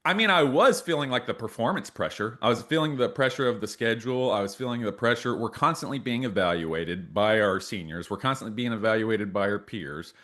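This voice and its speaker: Animated man telling war stories. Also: fairly low pitch, fairly quick, few pauses. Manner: animated storyteller, acts out quotes loudly. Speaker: podcast co-host. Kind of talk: casual storytelling chat.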